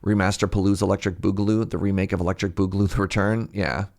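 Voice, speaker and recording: A young man chatting casually on a live stream, rambling and jumping in pitch when something excites him. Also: fast talker, gravelly. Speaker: streamer reacting to a game showcase.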